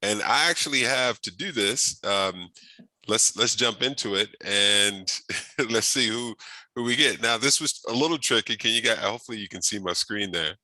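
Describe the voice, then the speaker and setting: A man's voice: lowish voice, moderate pace, bright, forceful tone, no echo. A man hosting an online workshop over a video call, upbeat and chatty, with lots of fillers and restarts. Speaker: host of a workshop speaker series. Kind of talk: casual online event hosting.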